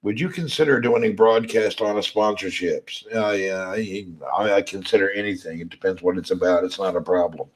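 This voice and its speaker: A man from Tennessee with a Southern accent and a slightly hoarse, crackly voice, chatting casually on a livestream and reading viewer comments. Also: sits low, a little fast, few pauses. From Tennessee, USA. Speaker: livestream host.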